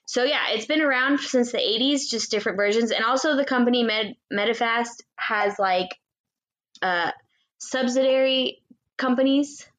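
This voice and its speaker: A woman co-hosting a podcast, explaining things in casual chat with many ums and pauses. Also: on the high side, a bit bright. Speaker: podcast co-host.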